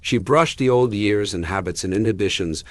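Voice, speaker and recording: Deep-voiced man reading a bedtime story. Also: moderate pace, dry recording. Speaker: audiobook narrator. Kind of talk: bedtime audiobook narration.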